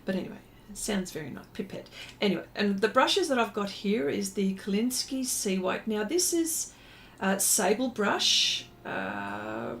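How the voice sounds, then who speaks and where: Woman, art stream host, rambling chatty talk, lots of ums, mid-pitched voice. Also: a little hiss or hum. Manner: chatty and rambling, many fillers and restarts; greets viewers by name. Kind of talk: casual livestream chat.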